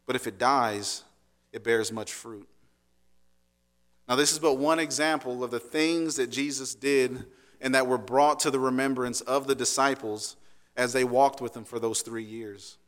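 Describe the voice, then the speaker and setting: A man's voice: medium pitch, unhurried, a bit bright, big-room sound. A man preaching a sermon in a conversational way, often checking in with "right?" and restarting phrases. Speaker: pastor.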